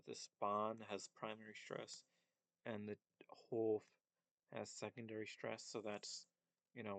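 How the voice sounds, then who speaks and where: A man's voice: fairly low pitch, no room sound, poor audio. Hesitant man thinking aloud, dry sound. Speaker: language teacher. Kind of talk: casual screen-share lesson.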